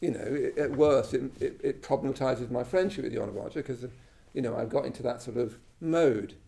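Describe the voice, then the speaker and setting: A creaky, mellow voice of medium pitch comes from an English man teaching a live class at a Buddhist centre's shrine room. He talks at a moderate pace, informal and self-mocking, frequently asking "you know" and "yeah?".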